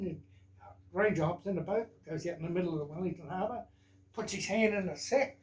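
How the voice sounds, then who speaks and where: A man's voice: high-pitched, fairly quick. An older man with a New Zealand accent, casually telling family stories and jokes, with rambling asides like "right?" and "eh?". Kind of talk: casual storytelling. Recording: echoey room.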